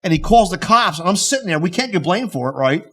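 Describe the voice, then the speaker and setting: Animated man telling a story. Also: high voice, fast talker. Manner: animated storyteller who acts out the people in his stories. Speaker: podcast co-host. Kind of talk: casual storytelling chat.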